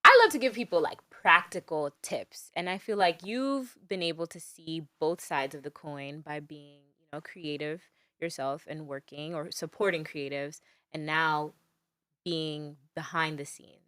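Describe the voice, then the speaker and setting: Enthusiastic lower-voiced woman podcast host. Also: unhurried, sharp tone. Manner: enthusiastic, lots of agreeing, rising exclamations. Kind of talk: casual chat.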